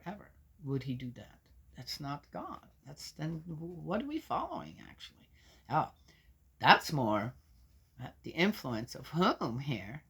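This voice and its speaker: Her voice is low and husky as she reads scripture aloud and comments on it, cutting in with doubtful, argumentative remarks. She's loud for the passages and mutters the asides.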